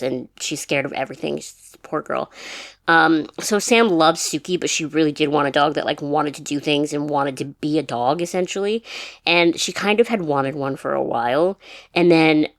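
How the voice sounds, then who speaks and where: Young woman rambling on her vlog, low voice, dry close sound, lots of "like". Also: no room sound. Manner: rambling, chatty, lots of "like" and restarts. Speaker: vlogger. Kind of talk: casual chat. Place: her mom's house.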